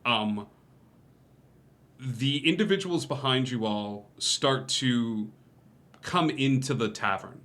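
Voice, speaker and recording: Game master, male, bright tone, halting casual narration. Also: medium pitch. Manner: hesitant, many fillers and laughs.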